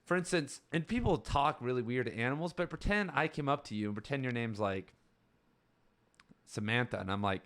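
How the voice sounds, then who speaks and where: A man hosting a podcast, talking casually and rambling about a book chapter in a relaxed way. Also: mid-range voice, brisk. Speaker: podcast host.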